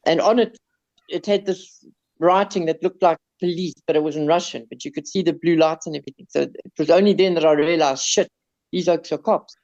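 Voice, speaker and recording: A man with a South African accent, casually telling a story on a podcast, animated, swearing and stumbling over his words. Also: fairly high pitch, fairly quick. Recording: slightly dull lo-fi sound.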